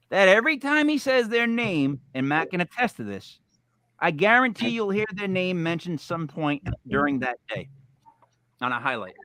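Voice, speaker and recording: A man hosts a casual fantasy football podcast, his voice fairly high and swinging widely in pitch. He talks in an animated way and swears freely when he rants. The sound is dry and close. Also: dry recording. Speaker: podcast host. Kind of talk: casual sports podcast chat.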